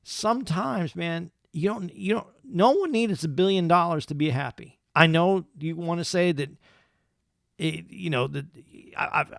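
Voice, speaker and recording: A man's voice: a little high, unhurried, vocal fry, no room sound, clean studio sound. A man co-hosting a casual podcast, rambling and restarting his sentences as he talks through his thoughts. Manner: rambling, repeats words and restarts often. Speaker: podcast co-host.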